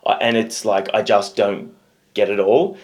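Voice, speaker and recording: A man's voice: lowish voice, a little slow, darkish tone. A man with an Australian accent co-hosting a music reaction show, chatting in an easygoing, self-deprecating way. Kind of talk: casual chat.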